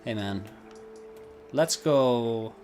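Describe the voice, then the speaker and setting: A man's voice: mid-range voice, drawn-out words, a little mellow, soft background music. Rambling man streaming a game. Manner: rambling, easily distracted, swears, laughs at himself. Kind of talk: casual gameplay commentary.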